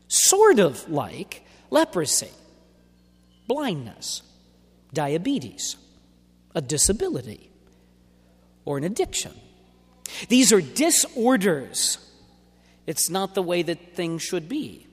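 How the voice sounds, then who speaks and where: A man preaching a sermon in an emphatic, deliberate way, stretching out key words. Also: sits high, huge pitch swings, slightly rough. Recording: long hall reverb.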